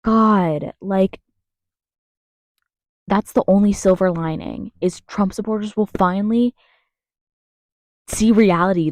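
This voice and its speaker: A woman's voice: mid-range voice, a little mellow, dry recording. A woman ranting to camera in a heated, sarcastic way, swearing often. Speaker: vlogger. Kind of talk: profane political rant to camera.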